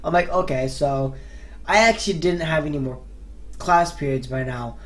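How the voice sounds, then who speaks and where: A young man in his late teens telling a story casually, animated and swearing, acting out the people in it. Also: fairly high pitch, moderate pace. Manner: animated, swearing, quoting others in voices. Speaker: vlogger.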